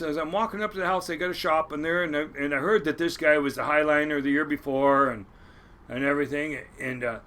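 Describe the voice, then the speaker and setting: A man in his sixties, a crab boat captain, telling his life story in an interview, animated and salty, acting out the people he quotes. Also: high voice.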